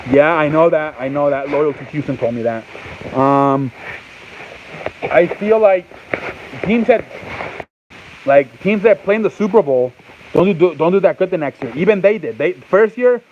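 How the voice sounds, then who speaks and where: A man's voice: a little high, measured pace, long pauses, a little hiss or hum. Rambling man talking sports, muffled. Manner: rambling, repeats himself, restarts often; answers off-mic chat and reads live comments. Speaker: sports talk show host. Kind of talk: casual sports chat.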